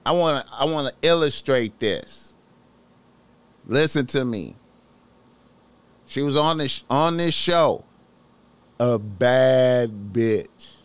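A man's voice: on the high side, expressive, takes it slowly, long pauses, a bit bright, no echo. A man hosting a podcast, talking casually in a slangy, profane, preachy way, repeating himself as he urges listeners. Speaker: podcast host.

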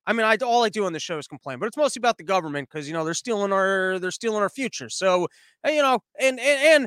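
American man, high-pitched, rambling profane rant, dry recording. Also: bright, forceful tone, no room sound. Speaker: commentary show host. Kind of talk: ranting commentary monologue.

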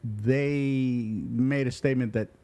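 A man's voice: medium pitch, fairly even intonation, slow, mellow, smooth. A man in a casual podcast chat, speaking hesitantly with many restarts. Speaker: podcast co-host.

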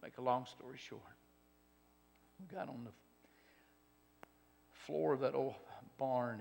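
Preacher guy, gravelly voice, goes from shouting to almost whispering, big echoey hall. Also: mid-range voice, fairly even intonation, a little slow, long pauses, a little hiss or hum. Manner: swings from loud exhortation to hushed near-whispers. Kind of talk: sermon testimony. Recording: long hall reverb.

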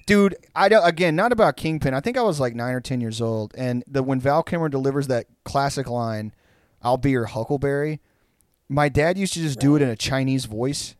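A man's voice: medium pitch, brisk, few pauses, dry recording, studio quality. A man telling a long, rambling story in casual chat, full of restarts and "like".

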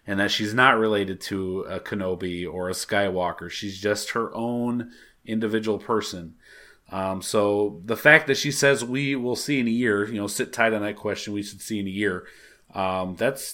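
A man co-hosting a podcast, speaking in a measured, casual way. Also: on the low side, sharp tone.

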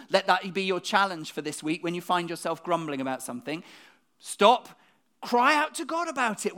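A preacher delivers a conversational church sermon. They speak quickly, keep asking the congregation questions, and often repeat a word when restarting a thought. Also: mid-range voice, fairly bright tone.

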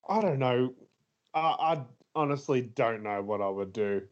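Slow-talking man reviewing a film. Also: medium pitch, animated. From Australia. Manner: rambling, laughs often, many fillers. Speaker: podcast co-host. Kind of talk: casual movie review chat.

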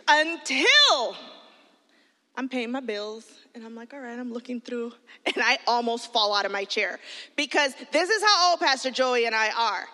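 Woman pastor, middle-aged, higher bright voice, lively sermon storytelling, long hall echo. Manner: animated storytelling, bursts into shouted quotes. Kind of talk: sermon to youth.

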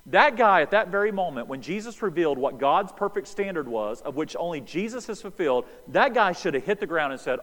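A man's voice: sits high, a little fast, few pauses, big-room sound, low-quality recording. An American man preaching a sermon, acting out the voices in a Bible story as he explains it. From United States. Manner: animated preaching, acts out dialogue. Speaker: pastor.

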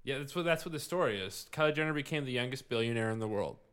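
A man's voice: medium pitch, expressive, fast talker, a bit bright, clear, resonant tone. A man hosting a casual podcast chat, joking around as he reads out trending topics. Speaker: podcast host.

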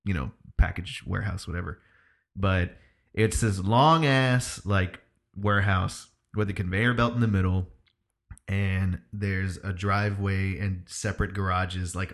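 A man chats casually with a friend and starts a story of his own. His voice sits fairly low but sounds bright. He talks loosely and swears freely. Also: fairly even intonation. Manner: loose and profane, quick reactions.

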